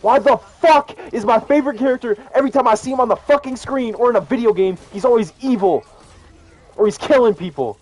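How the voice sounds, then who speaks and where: Un hombre imitando a un fan furioso que grita. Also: male voice, very high-pitched, brisk, pitched above the performer's own voice. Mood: ranting. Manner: loud, outraged yelling. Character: furious adult male superhero fan ranting at the screen.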